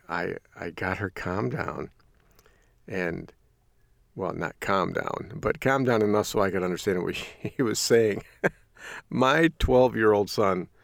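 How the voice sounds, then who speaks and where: Gravelly-voiced folksy male host. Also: lowish voice, dry recording, clean studio sound. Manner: folksy storytelling with frequent laughs. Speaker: radio host. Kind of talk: casual chatty monologue.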